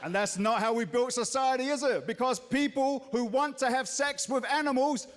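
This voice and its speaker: A New Zealand man in his thirties performs stand-up on a theatre stage, his very high voice carrying a big-room sound at a moderate pace. His set is punchy and laced with mocking asides.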